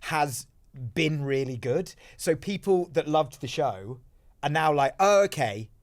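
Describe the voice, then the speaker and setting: Chatty man with a higher voice. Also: measured pace. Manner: rambling, self-deprecating, many restarts. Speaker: podcast guest, TV presenter. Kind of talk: casual chat.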